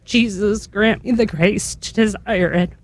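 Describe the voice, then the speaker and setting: A woman's voice: medium pitch, a little slow. A woman, a guest on a radio show, reading a litany aloud in an earnest, devout way, her voice catching with emotion. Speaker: radio guest leading prayer.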